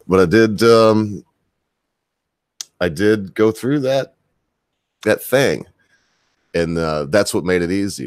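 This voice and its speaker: A man's voice: extremely low pitch, no room sound, low-quality recording. A middle-aged man casually telling his viewers a rambling, self-deprecating story, laughing often. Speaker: vlogger.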